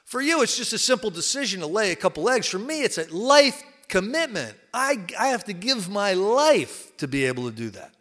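A man's voice: sits high, sing-song, moderate pace, hardly any pauses, fairly bright tone, big-room sound, pitched above the performer's own voice, heavily acted. A man voicing a blunt male pig in a spoken joke, talking in an earnest, emphatic way. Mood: indignant. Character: male pig, blunt, wise about sacrifice.

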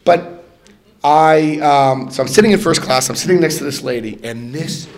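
An older man giving a personal recovery testimony to a group, an animated storyteller who laughs often and acts out the voices in his story. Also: on the high side, moderate pace. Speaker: recovery meeting speaker.

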